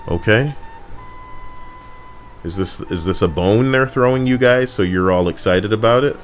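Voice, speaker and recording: A man's voice: lowish voice, a little slow, soft background music. A young man casually commenting on a game stream, rambling and talking to his chat. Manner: rambling, apologetic, talks to chat.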